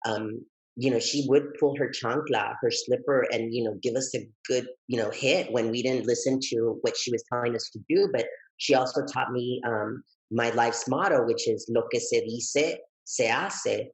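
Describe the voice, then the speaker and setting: A man guesting on an interview, telling his story in a lively, expressive way that jumps high when he gets excited. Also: moderate pace, rough recording. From Texas, United States. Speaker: guest, educator and author.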